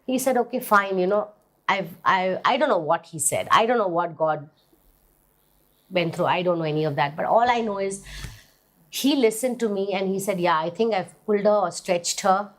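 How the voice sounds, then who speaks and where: A woman's voice: mid-range voice, moderate pace. A middle-aged woman, sharing a personal story in an interview, earnest and emotional, often restarting her sentences. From India. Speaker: interviewee, mother.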